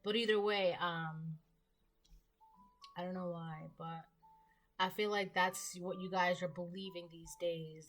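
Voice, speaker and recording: Chatty low-voiced woman reading tarot. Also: steady tone, unhurried, pauses often, a bit bright, faint music behind. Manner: chatty and rambling, many fillers and asides. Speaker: tarot reader. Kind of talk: casual tarot reading to camera.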